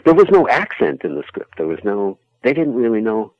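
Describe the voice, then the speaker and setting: A man, an actor being interviewed, chatting in a relaxed, rambling, self-deprecating way. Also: medium pitch, fairly quick, no room sound, dull audio. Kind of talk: casual interview chat.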